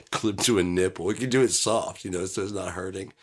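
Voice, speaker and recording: A man's voice: low-pitched, moderate pace, breathy edge. A man from Michigan talking in a loose, profane, rambling monologue, often breaking into laughter. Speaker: vlogger.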